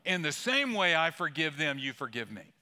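Bright-voiced man preaching with humor. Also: fairly high pitch, very animated, moderate pace. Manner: conversational storytelling with humor. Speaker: pastor. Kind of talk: sermon. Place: church sanctuary.

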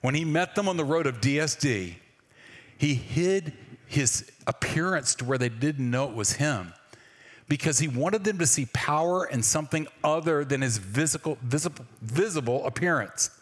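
Casual preacher in a reverberant hall. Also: male voice, a little high, expressive, moderate pace. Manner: conversational, asks the congregation questions. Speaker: pastor. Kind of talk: sermon.

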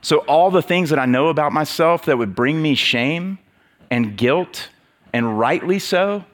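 A man's voice: fairly high pitch, expressive, unhurried. Preacher, male, casual sermon delivery, chatty, lots of fillers and restarts. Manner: conversational, with many fillers and restarts.

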